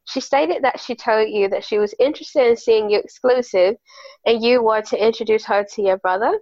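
A woman's voice: a little high, very fast, no echo, muffled recording, close to an everyday voice. A woman putting on a prim mock-British letter voice. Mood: mock-haughty. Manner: exaggerated mock-British reading voice.

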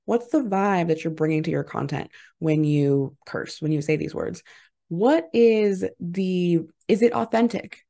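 A woman's voice: lowish voice, unhurried, gravelly, warm tone. A woman hosting her own podcast, talking casually and encouragingly, full of "like" and "right?" fillers. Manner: chatty, filler-heavy, lots of "like" and "right?"; upbeat and encouraging, laughs easily. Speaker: podcast host and mindset mentor. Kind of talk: casual motivational monologue.

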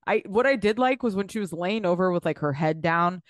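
A woman co-hosting a casual podcast chat about reality TV, animated and swearing, acting out quotes. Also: lowish voice, a little fast, no echo, clean studio sound. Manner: animated, swearing, acts out quotes of cast members. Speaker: podcast co-host.

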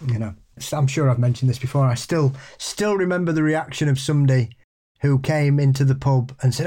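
A man co-hosting a podcast in casual chat, halting and repeating his words, often laughing. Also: medium pitch, warm tone. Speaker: podcast co-host. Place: pub.

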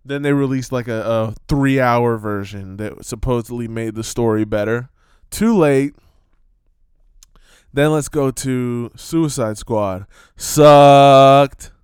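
Man, vlogger rant, smooth clear voice, dry close sound, loud outbursts. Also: medium pitch, measured pace, no echo. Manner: animated, swearing, jumps between topics with loud outbursts. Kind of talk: casual ranting commentary.

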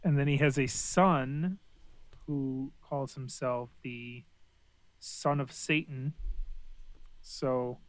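A man in casual chat, relaxed, chiming in with corrections and comic-book trivia. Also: mid-range voice, extremely slow, long pauses, no room sound, low-quality recording.

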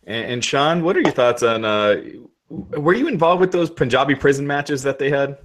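A man with a middle-pitched voice hosts a podcast interview. He asks his questions hesitantly, tripping over restarts and filler words. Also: animated, moderate pace, fairly bright tone. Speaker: podcast host.

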